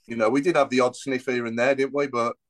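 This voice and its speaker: Fast-talking man, rambling. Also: medium pitch, flat delivery. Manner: fast, rambling, lots of fillers. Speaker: podcast panelist. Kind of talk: casual football chat.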